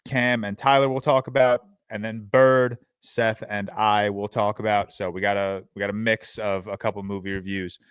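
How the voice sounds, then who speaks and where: Guy hosting a movie podcast, low-ish smooth voice, dry close mic, chill chatty. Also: no room sound. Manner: chatty, relaxed, frequent fillers. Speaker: podcast host. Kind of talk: casual movie podcast chat.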